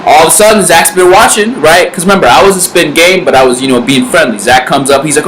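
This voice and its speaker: A man's voice: a little high, fast talker, few pauses, a bit bright, slight background noise, poor audio. A young man hosting a casual comedy vlog, explaining dating rules in loose, filler-heavy bro talk. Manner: laid-back bro talk, filler-heavy, acts out little scenes. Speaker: vlog host giving dating advice.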